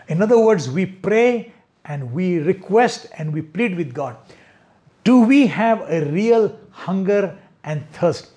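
Male preacher, high voice, earnest sermon delivery, acts out the stories. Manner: earnest, animated storytelling with acted-out pleas.

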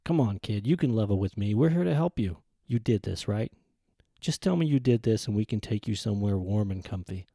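A man voicing an impatient, brusque male police detective who talks gruffly and pushes hard. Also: fairly low pitch, lively intonation, brisk, mellow, no room sound, studio quality. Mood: coaxing. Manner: gruff, pushy, raised voice.

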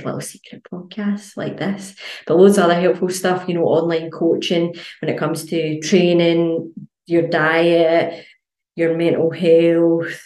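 A woman's voice: lowish voice, darkish tone, echoey room. A woman hosting a casual solo podcast as a fitness coach, blunt and chatty with plenty of swearing.

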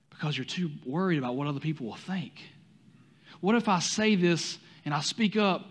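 A man with a Southern US accent preaching a sermon, talking to the congregation with many rhetorical questions and some stumbles. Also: fairly high pitch. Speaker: pastor.

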